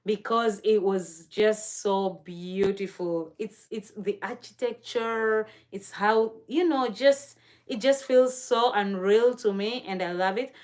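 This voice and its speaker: Speaking slowly in a medium-pitched, darkish voice, a young Kenyan woman chats loosely and effusively on her live stream. Laughter comes often, her register stays ordinary and middle, and she replies to viewers' remarks along the way.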